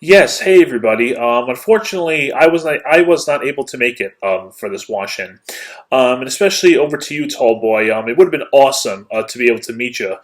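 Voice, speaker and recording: A man sending a casual recorded video greeting, hesitant and full of pauses. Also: medium pitch, lively intonation. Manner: hesitant, lots of ums. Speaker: guest sending a video message.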